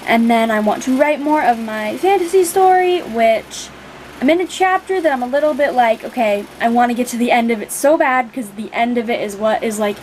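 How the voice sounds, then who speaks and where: A woman's voice: fairly high pitch, animated, a little fast, a little mellow, slight background noise, low-quality recording. A young woman vlogging casually, rambling with many fillers and free swearing. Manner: emotional, near tears. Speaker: book vlogger. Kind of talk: casual vlog talk.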